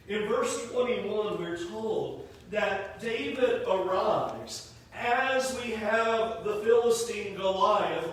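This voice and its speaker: High-voiced preacher in an echoey church. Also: male voice. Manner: animated storytelling, acting out quotes. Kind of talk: sermon. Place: church sanctuary. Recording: echoey hall, mic from a distance.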